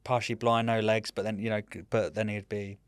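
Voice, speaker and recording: A man in his thirties, a military veteran guest, telling rambling, animated stories in casual chat and often saying "mate". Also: fairly low pitch, a little fast, clean tone, no echo. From United Kingdom.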